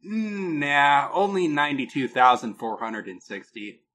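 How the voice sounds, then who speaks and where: A man co-hosting a casual podcast, telling a product story with a lot of pitch movement and laughing at his own jokes. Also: very animated, a little slow, a bit bright. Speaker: podcast co-host.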